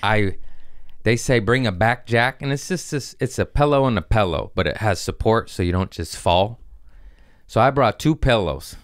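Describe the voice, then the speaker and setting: Deep-voiced guy doing a comedy story, swears a lot, does all the voices, dry close sound. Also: moderate pace, no room sound. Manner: profane, animated, acts out other people's voices. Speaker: comedian guest on a podcast. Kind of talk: comic storytelling.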